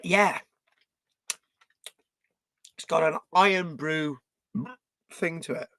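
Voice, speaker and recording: A man's voice: fairly high pitch, drawn-out words, sharp tone, no room sound. A British man vlogging in a rambling, scattered way, swearing and tagging his lines with "right?". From Britain. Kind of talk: rambling casual vlog.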